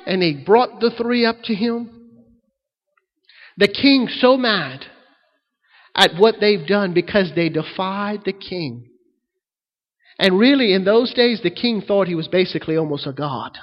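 A man preaching as a pastor, swinging between loud emphatic lines and quiet asides. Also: high voice, lively intonation, a little slow, long pauses. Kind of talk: sermon. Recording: long hall reverb.

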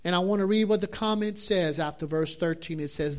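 A man's voice: fairly high pitch, normal speed, hardly any pauses, a little mellow. A man preaching a sermon, fervent and drawn out, repeating his phrases for emphasis.

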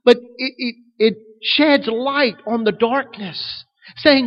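Male pastor, high voice, preaching in a sanctuary with long hall reverb; emphatic swells, quiet asides. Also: slow pace, lo-fi sound. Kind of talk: sermon.

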